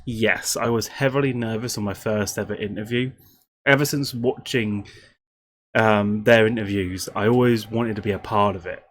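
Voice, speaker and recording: A quiet, self-conscious man who makes videos, talking about being nervous in his first interview. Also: fairly low pitch, fairly even intonation, normal speed, slight background noise. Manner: soft-spoken, self-conscious. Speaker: video creator. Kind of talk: casual reflection.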